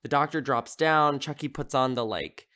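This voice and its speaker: A man's voice: medium pitch, normal speed, pushed and bright. A man hosting a podcast, casually recapping a horror film in a rambling, amused way, with lots of filler words. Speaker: podcast host.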